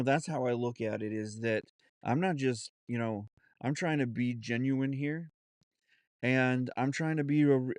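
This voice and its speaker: A man hosting his own podcast, talking off the cuff in an earnest, halting way with many restarts and fillers, and a Southern US accent. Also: mid-range voice, a little mellow, clean tone, no echo. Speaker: podcast host. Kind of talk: unscripted solo podcast talk.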